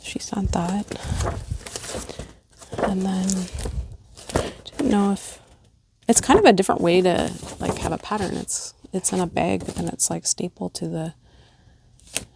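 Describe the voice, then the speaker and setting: A woman's voice: on the low side, creaky. A middle-aged woman chatting casually and gushing as she shows off stitching gifts in a vlog at home. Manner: chatty, gushing, many fillers. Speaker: cross-stitch vlogger. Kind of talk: casual show-and-tell chat. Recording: noticeable background noise.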